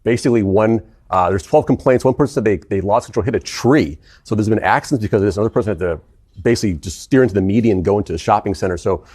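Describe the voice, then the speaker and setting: A man reporting in a news interview, brisk and informal as he explains the details. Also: lowish voice, darkish tone.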